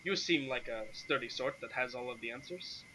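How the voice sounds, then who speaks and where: A man voicing a courteous older nobleman who speaks in a formal, measured way. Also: mid-range voice, bright, forceful tone, a little hiss or hum, lightly acted, rough recording.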